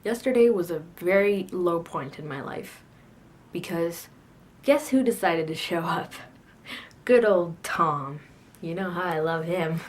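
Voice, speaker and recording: A teenage girl vlogs casually to the camera, sassy and self-mocking as she rambles about her day and laughs often. Her voice is fairly low in pitch, and she keeps a measured pace.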